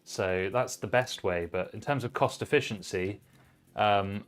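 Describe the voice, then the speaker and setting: A man's voice: on the low side, measured pace. Chatty man streaming a PC build. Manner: chatty, relaxed, reads chat messages aloud while working. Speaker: livestream host building a PC. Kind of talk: casual live-stream chat.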